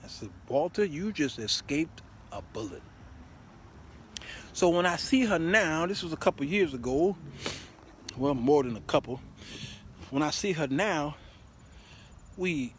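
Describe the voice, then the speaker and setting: A man's voice: mid-range voice, a little hiss or hum. A man, hosting his own show, telling a story by phone and acting out both sides of the talk. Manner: animated, acts out both sides of a conversation. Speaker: host. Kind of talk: casual live-stream storytelling. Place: outdoors in the rain, then in a car.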